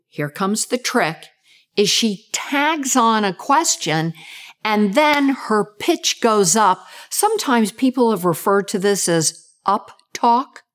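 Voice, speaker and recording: A woman communication expert giving an explanatory talk, using short role-play examples to show intonation. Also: mid-range voice. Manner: measured, deliberate delivery. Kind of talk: explanatory talk on gendered speech patterns.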